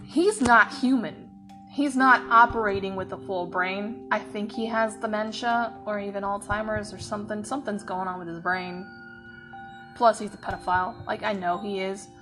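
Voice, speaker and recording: A woman's voice: medium pitch, fairly even intonation, moderate pace. Woman, podcast host, heated rant, profane, mid-range voice, music underneath. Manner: heated, profane, swinging between yelling and laughing. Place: at her workplace.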